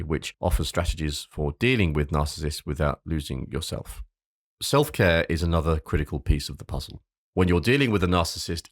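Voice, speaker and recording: A man's voice: deep voice, no room sound, clean studio sound. A man hosting a solo advice podcast. He reads from a script, stumbles over repeated words, and drops into casual asides, sometimes with a swear. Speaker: podcast host.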